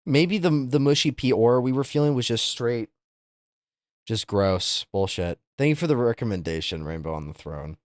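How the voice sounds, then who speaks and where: A young man streaming live, chatting casually with viewers and reacting to things with loud, incredulous, profane outbursts. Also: mid-range voice, expressive, moderate pace, no echo, studio quality. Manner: incredulous, swearing, exaggerated reactions.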